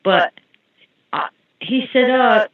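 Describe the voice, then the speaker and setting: A woman's voice: fairly high pitch, slow pace. A woman telling rambling anecdotes in casual chat. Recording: tinny phone-like line.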